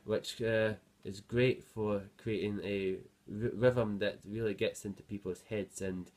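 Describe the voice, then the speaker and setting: A man's voice: lowish voice, fairly even intonation, unhurried, a little mellow. A man teaching a guitar lesson, counting beats aloud and explaining between passages, with some fillers. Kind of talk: music lesson. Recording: guitar playing behind voice.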